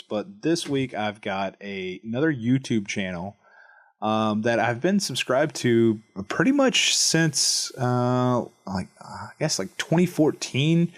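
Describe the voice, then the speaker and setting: A man with a Texan accent, co-hosting a podcast in casual chat, rambling with lots of fillers and restarts. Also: mid-range voice. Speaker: podcast co-host.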